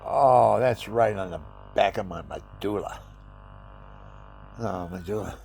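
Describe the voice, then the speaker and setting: A man's voice: on the low side, expressive, a little slow, vocal fry, darkish tone, soft background music. An older man with a stuffy nose, rambling chattily at home in a casual vlog and showing things as he talks. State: stuffy nose, talking through his nose.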